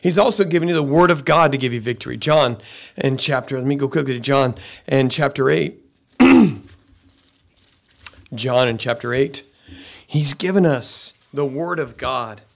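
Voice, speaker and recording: A man's voice: mid-range voice, moderate pace, gravelly, pauses often. A man preaching a sermon as pastor, emphatic and given to repeating phrases.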